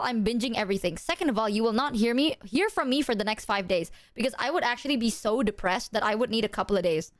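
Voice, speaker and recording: A woman livestreamer chats with her viewers in an animated, swear-heavy storytelling style. Her voice sits a little higher than most women's. The sound is dry and close, with no room echo. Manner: animated, profane storytelling, talks to chat. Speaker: streamer. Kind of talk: casual livestream chat.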